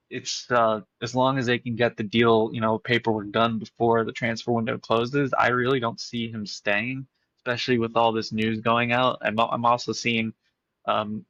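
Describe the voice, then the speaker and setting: A man's voice: medium pitch, a bit bright, no room sound, muffled recording. A man co-hosting a casual football podcast, thinking aloud and repeating words as he builds a point. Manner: thoughtful, repeats words while forming a point. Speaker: podcast co-host.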